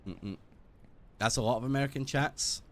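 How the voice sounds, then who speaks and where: A British man streaming a game, chatting casually in a rambling, sweary, animated way. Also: mid-range voice, normal speed. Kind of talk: casual gaming stream chat.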